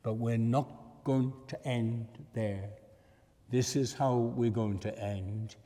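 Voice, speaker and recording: A man preaching a sermon with earnest feeling, swelling to fervent emphasis and dropping soft. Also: mid-range voice, steady tone, slow pace, in a large hall.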